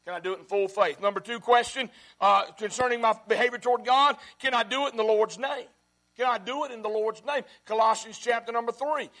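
Pastor, man, high voice; sermon delivery that repeats lines and swings from loud to hushed.

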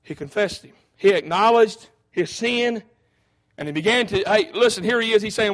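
A man's voice: sits high, lively intonation, a little fast, gravelly. A man preaching a sermon, fervent and folksy, often breaking in with "hey".

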